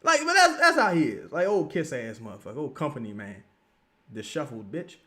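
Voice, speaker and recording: A man hosting a casual livestream, reading viewer comments and talking loosely and profanely, jumping between loud outbursts and low mutters. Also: sing-song, a little fast. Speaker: livestream host.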